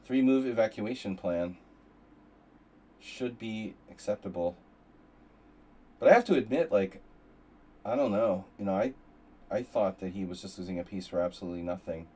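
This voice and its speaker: A man's voice: on the low side, moderate pace, long pauses, dark tone. A man hosting a live chess stream, thinking aloud through move lines with rambling asides. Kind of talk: live-stream commentary while playing.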